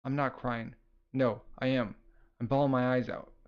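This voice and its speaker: A man reading the lines of an excitable, emotional young boy from a comic, in a near-plain voice. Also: medium pitch, normal speed, clean tone, highs cut off, close to an everyday voice. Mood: worked up.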